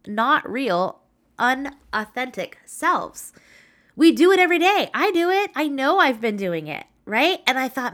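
Woman podcast host in her thirties, chatty and animated storyteller, bright slightly high voice. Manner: chatty, animated, laughs while telling a story. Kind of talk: casual storytelling monologue.

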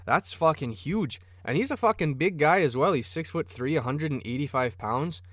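Cursing freely and rambling with enthusiasm, a Minnesotan man hosts a sports podcast. His slightly high voice is expressive and a bit bright at normal speed, captured in clean, dry studio sound.

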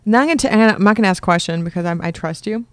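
A woman hosting a tabletop role-playing podcast and playing in it, chatty and quick to laugh. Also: mid-range voice, smooth, no echo. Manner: chatty, giggly, jokey. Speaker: podcast host and player. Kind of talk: casual tabletop game chat.

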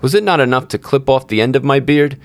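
A man voicing a grumpy, greedy little old male dwarf in a storybook reading, shrill and scolding. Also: animated, moderate pace, dry recording, lightly acted. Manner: snarling, scolding.

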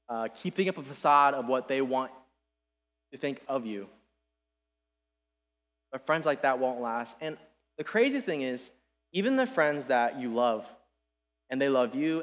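A young man giving an earnest, casual sermon, animated and full of restarts. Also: mid-range voice. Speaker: preacher. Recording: long reverb in a hall.

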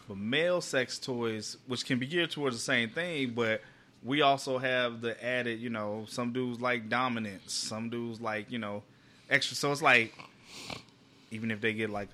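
A man hosting a podcast in casual chat, talking with animated enthusiasm and slang. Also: medium pitch. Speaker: podcast host.

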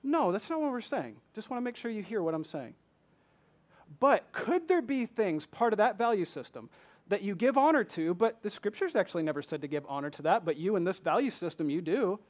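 Passionate higher-voiced preacher with a Southern accent. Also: male voice, animated, a little fast. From Michigan. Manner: passionate, asks the congregation many rhetorical questions. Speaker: pastor. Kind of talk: sermon. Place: church.

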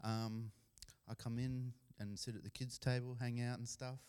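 A man's voice: mid-range voice, moderate pace, clear, resonant tone. A man casually telling a story to a church, chatty, with lots of ums and laughs. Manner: chatty, laughing, many ums, lively quoted voices. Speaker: church member sharing a story. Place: church hall. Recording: long church reverb.

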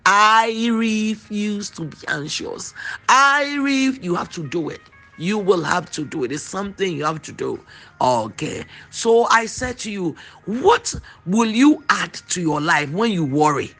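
A man's voice: high-pitched, very animated, moderate pace, a bit bright, slightly rough. A man preaching a sermon, emphatic and repetitive, drawing out declarations.

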